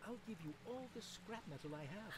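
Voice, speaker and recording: A man's voice: sits high, lively intonation, a little fast, background noise. A man voicing a nervous islander in a video game, speaking in a fussy, fretful way. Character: nervous male islander eager to flee. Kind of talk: video game character dialogue.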